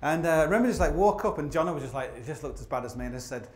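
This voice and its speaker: A man's voice: a little high, animated, racing. A man telling rambling, self-mocking climbing stories in a live stage talk, full of "like" and restarts. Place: opera house stage. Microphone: stage microphone. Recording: roomy theatre sound.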